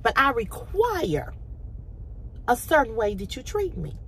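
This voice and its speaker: A middle-aged woman vlogging to her phone camera, blunt and profane, with a throat tickle, going from low talk to impassioned near-shouting. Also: huge pitch swings, a little slow, a little hiss or hum. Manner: preachy, rising to impassioned shouting.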